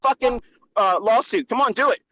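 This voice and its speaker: A man's voice: very high voice, moderate pace, fairly bright tone. A man in a played-back clip, taunting aggressively and swearing heavily in an angry outburst.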